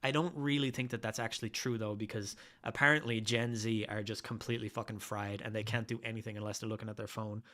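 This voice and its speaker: A man's voice: on the low side, steady tone, quick pace, few pauses, a bit bright. Sweary, hesitant man in casual chat. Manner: sweary, hesitant fillers, enthusiastic. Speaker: podcast co-host.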